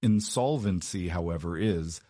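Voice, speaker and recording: A composed young duchess, as a male storyteller puts her on, her low husky voice level and cool. Each line comes out clipped and cutting, in a dry, close storybook reading. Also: a little slow, mellow, dry recording.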